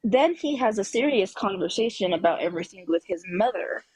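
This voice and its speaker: A woman's voice: medium pitch, expressive, a little fast, darkish tone, slightly rough, no echo, rough recording. A woman caller on a live talk show telling a personal story emphatically, acting out the quoted dialogue. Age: adult with children.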